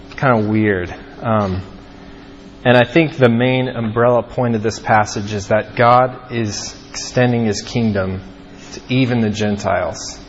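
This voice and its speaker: A young man giving an informal Bible teaching, talking casually with lots of "like" and "um". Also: lowish voice. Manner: casual, peppered with "like" and "um". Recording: dull lo-fi audio with long reverb and faint ambient noise.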